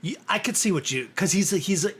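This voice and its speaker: A man co-hosting a casual movie commentary podcast, animated and quick to jump into playful character voices. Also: high-pitched, a crowd in the background. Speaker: podcast co-host.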